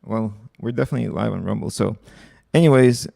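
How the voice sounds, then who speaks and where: A man's voice: on the low side, a little fast, vocal fry, dark tone, no echo. A young man hosting a casual livestream, reading online posts aloud and commenting bluntly with profanity. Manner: blunt, profane, offhand asides.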